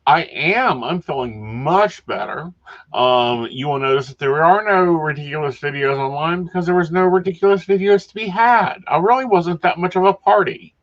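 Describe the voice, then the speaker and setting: A man's voice: on the high side, normal speed. A man co-hosting a podcast in casual chat, wry and chatty as he tells his stories. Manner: chatty, wry, recounting with dry humor. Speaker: podcast co-host. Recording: dull lo-fi sound.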